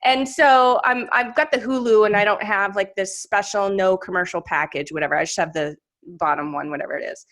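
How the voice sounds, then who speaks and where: A woman's voice: mid-range voice, fairly quick, few pauses, a bit bright. A woman hosting a podcast, chatty and enthusiastic in casual conversation. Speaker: podcast host.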